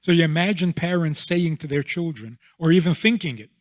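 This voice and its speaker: A man being interviewed as a rabbi, explaining his views in a deliberate way and often checking in with a rhetorical question. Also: on the high side, dry recording, studio quality.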